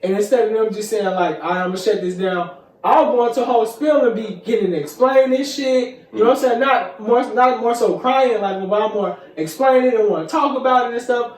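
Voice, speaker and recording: High-voiced young man, rambling chat. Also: a little fast, few pauses. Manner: rambling, circles back with "you know what I'm saying". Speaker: podcast co-host. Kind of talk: casual chat. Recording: echoey room, mic at a distance.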